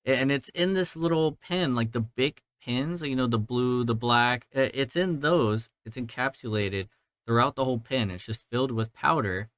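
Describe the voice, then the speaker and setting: A man's voice: medium pitch, moderate pace, a bit bright, dry recording. A man in his twenties from Georgia, hosting a casual movie-review podcast in a rambling, profane, self-deprecating way. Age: 20s. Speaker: podcast host. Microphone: mounted podcast mic.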